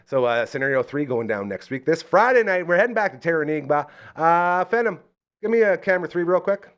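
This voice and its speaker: A man's voice: fairly high pitch, animated, fairly quick, fairly bright tone. A man hosting a live local podcast, chatting casually and rambling through enthusiastic sponsor plugs. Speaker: podcast host.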